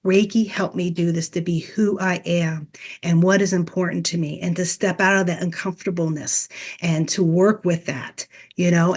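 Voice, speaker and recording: On a podcast, a middle-aged Reiki teacher with a fairly low voice earnestly recounts something from her own life. She plays out old conversations as dialogue.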